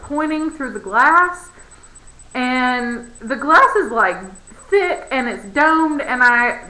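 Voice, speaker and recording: A woman's voice: high-pitched, sharp tone. A young adult woman, a barista, ranting to camera in a sarcastic, exasperated way. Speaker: barista vlogger. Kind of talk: casual rant to camera. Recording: roomy echo.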